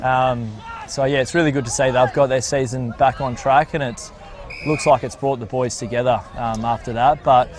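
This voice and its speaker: A man's voice: medium pitch, fairly even intonation, moderate pace, a faint crowd. A young man with an Australian accent, a community health educator, chatting casually as a guest on the commentary, hesitant and full of fillers. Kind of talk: on-air chat as a guest. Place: outdoors at a country football ground.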